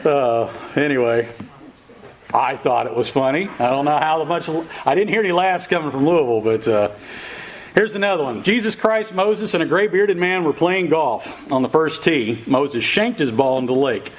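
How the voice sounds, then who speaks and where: A man's voice: fairly high pitch, animated, normal speed, a little hiss or hum, rough recording. A man preaching a sermon in a casual, folksy way, with fillers and chuckles at his own jokes before turning to scripture. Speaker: pastor.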